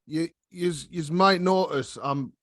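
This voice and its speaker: A man's voice: fairly high pitch, slow pace, fairly bright tone, no echo. A man hosting a casual podcast chat with cheeky, sweary banter, speaking right into a close microphone. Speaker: podcast host. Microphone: microphone held right up to the mouth.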